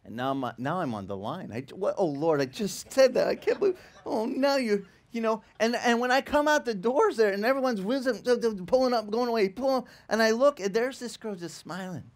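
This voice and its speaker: A male pastor telling a lively story in a sermon, acting out the people in it and laughing as he goes. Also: sits high, fairly quick, few pauses. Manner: animated, acts out quoted voices, laughs while telling. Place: church in Hawaii.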